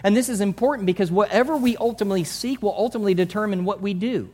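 A male pastor preaching a sermon in a conversational way, swinging from soft asides to loud emphasis. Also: sits high, racing, breathy edge.

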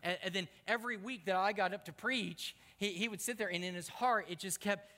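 A man with a slightly high, bright, forceful voice preaches from the pulpit, acting out prayers and dialogue as he tells stories. He often stumbles and repeats words. Long reverb from a church hall trails behind every phrase. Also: a little fast. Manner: animated storytelling with acted-out prayers and repeated stammers. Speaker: pastor. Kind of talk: sermon. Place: church sanctuary.

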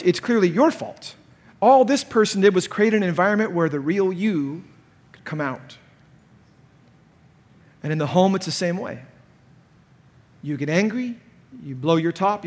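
In a large hall where a long reverb hangs on each phrase, a male pastor with a high-sitting voice preaches a conference sermon. He's lively, and his voice turns loud and sharp as he acts out quoted people.

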